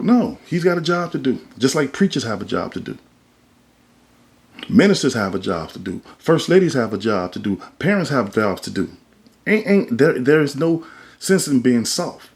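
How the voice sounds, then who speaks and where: A man's voice: fairly low pitch, lively intonation, unhurried. Emphatic preachy man on a podcast. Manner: emphatic, colloquial, sermon-like. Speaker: podcast host. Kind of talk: casual preachy monologue.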